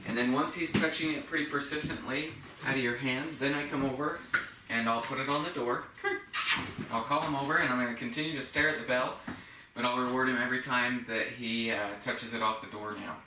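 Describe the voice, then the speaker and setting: Bright-voiced man, echoey room. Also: medium pitch, a little hiss or hum. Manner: patient, explains each step while praising the dog. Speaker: dog trainer. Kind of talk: training demonstration. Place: indoors by a door. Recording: echoey room, mic at a distance.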